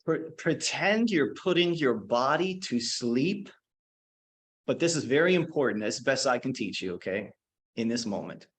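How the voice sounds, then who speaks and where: Man, qigong teacher, storytelling, slow guided meditation cues, mid pitch. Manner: relaxed, anecdotal, slows down for meditation cues. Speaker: qigong instructor.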